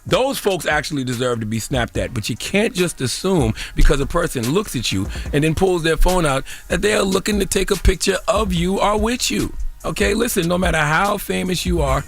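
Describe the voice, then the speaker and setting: A man's voice: high-pitched, expressive, fairly quick, vocal fry, a bit bright, soft background music. Blunt preachy man hosting radio. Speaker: radio host. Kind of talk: opinionated radio commentary. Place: radio studio.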